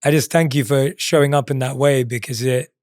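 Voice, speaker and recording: A man's voice: mid-range voice, steady tone, brisk, darkish tone, dry recording, clean studio sound. A man hosting a podcast interview, talking in an effusive, appreciative way. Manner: effusive and appreciative, with short backchannel replies. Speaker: podcast host. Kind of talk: casual interview chat.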